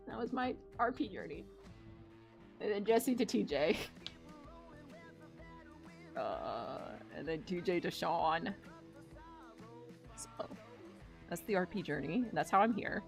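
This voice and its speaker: A woman's voice: fairly low pitch, slow, gravelly, pauses often, faint music behind. A woman streaming her drawing, chatting in a rambling, casual way with plenty of swearing. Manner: rambling, profane, animated storytelling. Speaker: streaming artist. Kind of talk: casual chat while drawing.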